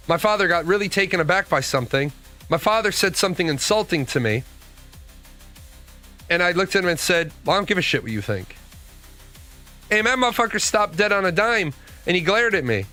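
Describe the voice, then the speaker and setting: A man's voice: high-pitched, bright, forceful tone. A middle-aged man giving blunt, profane opinions in casual commentary, answering his viewers' comments as a show host. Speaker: podcast host.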